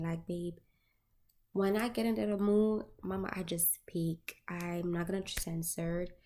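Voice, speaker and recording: A woman's voice: medium pitch, mellow. A woman tarot reader chatting casually to her viewers, candid and profane, full of filler words.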